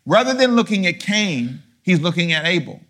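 A middle-aged male pastor preaching a sermon, firing rhetorical questions and swinging from low murmurs to loud, high emphasis. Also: big pitch swings, normal speed.

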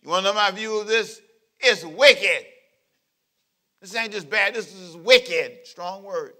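A male pastor delivering a lively sermon, playful and full of jokes, calling out to the congregation. His voice is bright, forceful and a little tense, set somewhat high for a man. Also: takes it slowly, pauses often. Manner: playful, joking preacher who acts out scenes; calls out to the congregation.

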